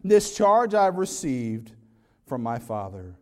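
A pastor delivering a sermon, swinging between loud emphatic lists and quiet, low asides. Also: male voice, big pitch swings, measured pace, in a large hall. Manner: preaching with dramatic rises and drops, repetitive emphatic lists.

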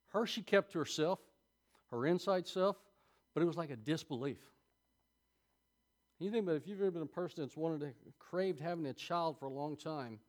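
A man preaching a sermon, reading scripture aloud and adding folksy, chuckling asides to his congregation. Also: a little high.

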